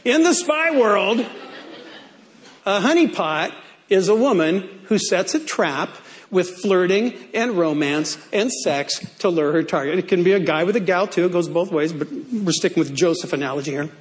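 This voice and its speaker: A man's voice: high voice, animated, normal speed. A male pastor preaching a sermon in a playful way, stretching key words out for emphasis.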